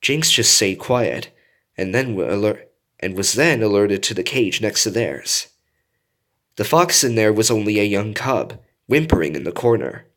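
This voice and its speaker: Low voiced guy reading a story out loud, lots of ups and downs. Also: measured pace. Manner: animated narration with character voices. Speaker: story reader. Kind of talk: reading a fan story aloud.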